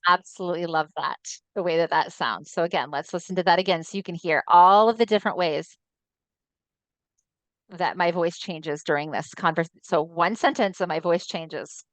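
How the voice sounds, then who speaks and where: A woman's voice: fairly low pitch, moderate pace, no room sound. Chatty woman presenting a webinar, dry sound. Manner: upbeat, chatty explaining. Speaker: assistive technology trainer.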